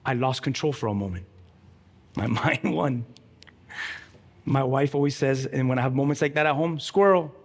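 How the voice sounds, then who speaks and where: A man preaching a sermon, emphatic and energetic, telling a story with lively quoted voices. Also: medium pitch, moderate pace, pauses often, breathy edge, long reverb tail. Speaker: pastor.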